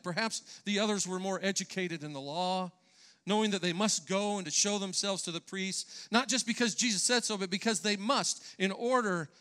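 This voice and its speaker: A man's voice: high-pitched, a bit bright, clean tone. A man preaching a sermon in church, earnest and emphatic, sometimes restarting his phrases. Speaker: pastor.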